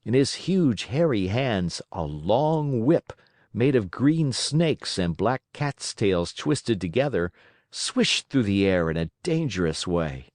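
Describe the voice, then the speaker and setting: Expressive male storyteller, dry close sound. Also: fairly low pitch, slow, dry recording. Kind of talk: scripted narration of a children's classic for English learners.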